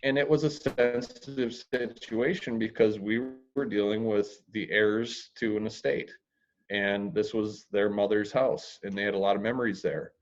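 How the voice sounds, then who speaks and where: On a podcast interview about real estate, a male guest speaks at normal speed in a fairly low voice with fairly even intonation. He comes across as blunt and plain-spoken, with dry humor and a crude word here and there. The sound is dull and lo-fi.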